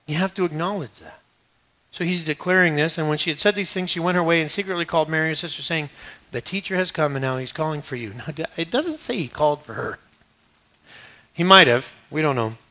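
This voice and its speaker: A middle-aged man preaching a sermon as pastor, swinging from hushed asides to emphatic declarations and retelling scripture conversationally. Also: a little high, expressive, brisk.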